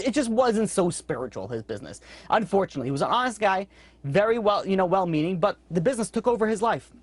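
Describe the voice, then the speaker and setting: Man, rabbi-teacher, rapid chatty storyteller, dry close mic. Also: dry recording. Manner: quick, conversational, acts out characters with sudden high-pitched outbursts. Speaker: rabbi teaching a weekly class. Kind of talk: storytelling Torah class.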